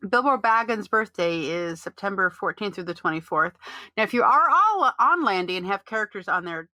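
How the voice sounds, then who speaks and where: Woman co-host for a gaming podcast, chatty and rambling, bright tone, dry close sound. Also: mid-range voice, animated, moderate pace, dry recording. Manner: chatty, rambling with many fillers and restarts; reads out listener chat messages. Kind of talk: casual chat about an online game.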